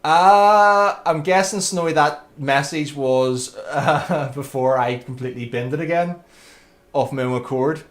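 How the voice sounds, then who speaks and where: A man with a slightly high voice talks at an unhurried pace while live-commentating his own racing game. He's a chatty livestreamer who trades friendly banter with viewers and calls them by name.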